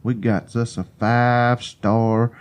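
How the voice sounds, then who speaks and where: A man's voice: medium pitch, flat delivery, slow, clean tone. A man co-hosting a true crime podcast, reading listener reviews and trading wry, sometimes profane jokes. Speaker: podcast co-host. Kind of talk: casual podcast chat and intro narration.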